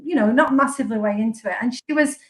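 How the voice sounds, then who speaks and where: A woman's voice: on the high side, quick pace, fairly bright tone, rough recording. A woman who is a guest on a podcast, chatting casually and joking, laughing often.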